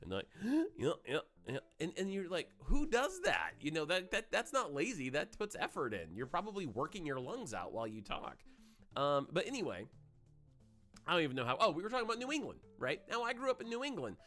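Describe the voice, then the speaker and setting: Host: man from Maine in his forties, rambly gaming streamer, lively pitch, faint music under. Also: fast talker. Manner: rambling, chatty, storytelling, former FM radio voice. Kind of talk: casual livestream chat.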